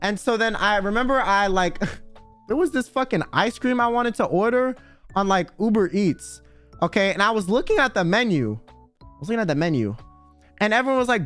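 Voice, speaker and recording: A man with a high voice chats casually on a stream, rambling through a story full of slang and swearing. Soft music plays quietly behind him. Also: lively intonation, fairly quick, smooth.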